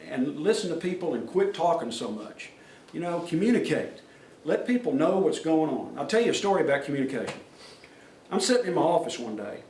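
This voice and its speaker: The storyteller is a middle-aged man with a highish, darkish voice, addressing a safety meeting audience in a plain, folksy way and performing the quoted lines. Recorded from afar, the meeting room echoes and faint noise lingers.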